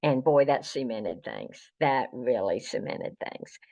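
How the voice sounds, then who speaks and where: A woman's voice: extremely low pitch, expressive, takes it slowly, creaky, a little mellow. A woman from the South, a guest telling stories in a chatty, meandering way. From American South. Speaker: guest, fan historian. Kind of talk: anecdotal interview storytelling. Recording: dull lo-fi recording.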